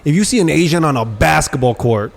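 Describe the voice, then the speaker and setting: A man's voice: a little high, fast talker, gravelly. A man co-hosting a casual podcast, telling stories and acting out quotes in street slang. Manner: animated storyteller, acts out quotes with street slang. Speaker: podcast co-host.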